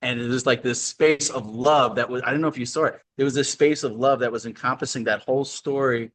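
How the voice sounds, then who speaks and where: A man who is a guest in a casual spiritual conversation over a video call, playful and animated, often laughing. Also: mid-range voice, brisk.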